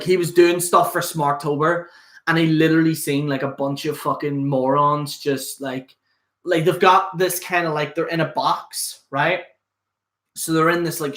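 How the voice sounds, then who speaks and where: A man's voice: a little high, a bit bright. A young man hosting a casual solo stream, rambling and swearing with lots of fillers. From Northern Ireland. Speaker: host. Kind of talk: casual solo livestream chat.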